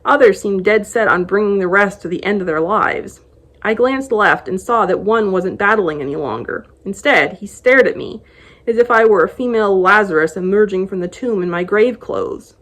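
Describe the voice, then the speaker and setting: A woman's voice: medium pitch, moderate pace. Woman reading a novel excerpt aloud. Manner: expressive first-person storytelling. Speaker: book blogger.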